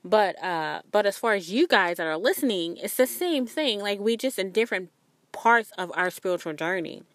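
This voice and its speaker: A woman's voice: expressive, moderate pace, no echo. A young woman hosting a spiritual podcast, talking in an earnest, rambling, confiding way. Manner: acts out quoted voices with sudden high pitch jumps. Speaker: podcast host.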